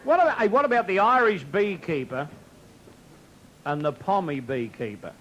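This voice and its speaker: A man's voice: sits high, expressive, moderate pace, a bit bright, poor audio. An Australian man doing live stand-up, telling jokes and laughing at his own punchlines. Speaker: stand-up comedian.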